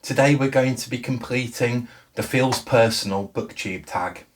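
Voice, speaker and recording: A man's voice: medium pitch, normal speed, background noise. A man hosting his book channel, talking casually and telling stories with frequent restarts. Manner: chatty and storytelling, with frequent self-restarts. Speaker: BookTube channel host. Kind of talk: casual book vlog talk.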